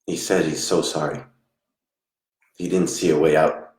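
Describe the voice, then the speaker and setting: Man, psychic medium, very deep voice, soft halting murmur, roomy echo. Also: flat delivery. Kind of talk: live reading.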